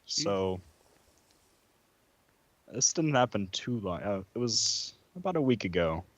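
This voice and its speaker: Low-voiced man telling a halting story. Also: no echo, lo-fi sound. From United States. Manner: halting, laughing storytelling with many fillers. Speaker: podcast guest. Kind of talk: casual chat over voice call.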